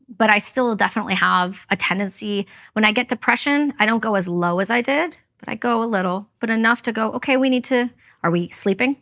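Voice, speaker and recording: A woman's voice: medium pitch, creaky, a bit bright. A woman from Canada, a veteran and podcast guest, telling her story candidly and with emphasis, acting out what others said. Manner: candid, emphatic, acts out quoted speech. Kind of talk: personal storytelling in interview.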